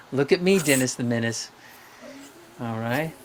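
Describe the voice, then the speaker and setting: A man's voice: medium pitch, measured pace, pauses often. A man hosting a live call-in show, coaching young callers in a playful, upbeat way, asking questions and running little games.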